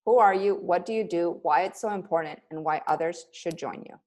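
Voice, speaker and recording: Her voice on the low side and a little mellow, this middle-aged coach speaks briskly while leading a video-call webinar for yoga teachers. She is upbeat and motivating, often bursting into laughter.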